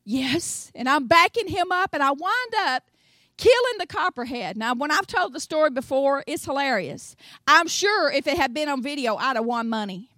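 An older woman with a Tennessee accent, preaching a sermon in an animated storytelling way, acting out voices and swinging between soft asides and loud exclamations. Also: high-pitched, moderate pace, no echo. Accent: Southern US, Tennessee.

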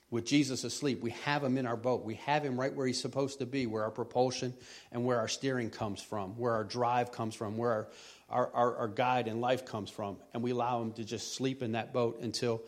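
Middle-aged man, plain mid pitch, lay preacher with a folksy, halting sermon delivery. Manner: rambling, repeats words, folksy. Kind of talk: conversational sermon.

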